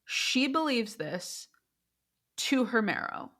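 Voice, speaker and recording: A woman in her thirties, a therapist and podcast co-host, chatting casually and animated when she tells a story. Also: on the high side, takes it slowly.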